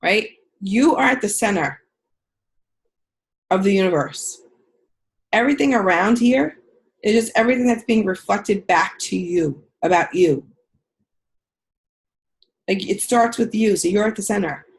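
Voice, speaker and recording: A woman's voice: medium pitch, unhurried, pauses often. A woman coaching a caller on a video call, talking in a direct, frank way and swearing casually. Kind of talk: coaching session on a group call.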